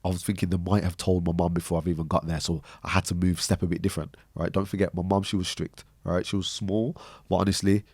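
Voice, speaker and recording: A young man from Birmingham, a podcast guest telling a personal story in an animated way that often checks in with the listener. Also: low-pitched, fast, hardly any pauses, no echo, clean studio sound. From Birmingham, England. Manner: animated storyteller, often tags lines with "right?".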